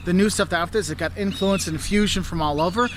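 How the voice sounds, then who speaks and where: Guy with a high voice giving travel tips, all excited, laughs a lot, faint hum behind. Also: fast talker. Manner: enthusiastic, laughs often, does mock voices. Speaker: travel video host. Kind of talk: travel advice vlog.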